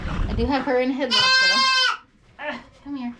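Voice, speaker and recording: A woman's voice: sits high, very animated, fairly quick. Chatty woman in a noisy barn. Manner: chatty, rambling explanations. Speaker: goat farmer. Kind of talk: casual how-to farm vlog. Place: barn feed room. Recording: farm noise with clucking chickens.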